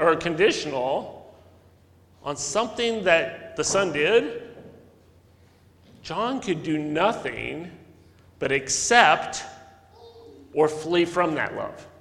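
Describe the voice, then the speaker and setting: A male pastor preaching a sermon, telling stories earnestly, with sudden loud emphasis and soft drops. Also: high voice. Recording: long echo of a large hall.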